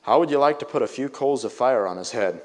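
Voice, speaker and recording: A man voicing a kind grown-up cousin in a read-aloud story, speaking with quiet, gentle counsel. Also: medium pitch, lively intonation, fast, lightly acted. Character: kindly grown cousin, calm and wise.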